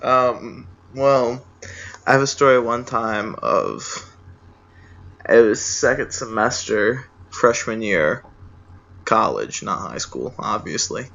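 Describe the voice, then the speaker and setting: A man's voice: lowish voice, animated, slow pace, vocal fry, a bit bright. A young man casually telling a story among friends, swearing and acting out the people he quotes. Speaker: podcast storyteller. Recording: dull lo-fi home recording.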